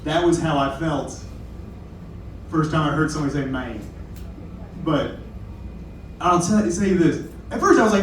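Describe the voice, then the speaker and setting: A young man doing a stand-up set in a rambling, self-deprecating way, breaking off to apologize. His voice sits a little high. It is picked up from a distance in a very echoey room with faint noise behind. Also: measured pace, long pauses. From Kentucky. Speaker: stand-up comedian. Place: comedy club stage.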